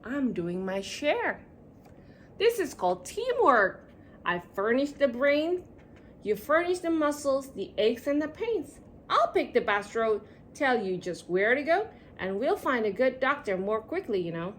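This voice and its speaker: A woman voicing a bossy male travel companion in a storybook, lowering her voice as he lectures. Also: big pitch swings, unhurried, slight background noise.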